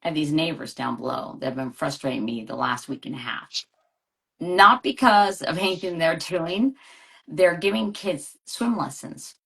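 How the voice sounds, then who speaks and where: A middle-aged woman speaking as an interview guest in a relaxed, conversational way. She is earnest and keeps repeating her main points to stress them. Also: low-pitched, moderate pace, creaky, husky.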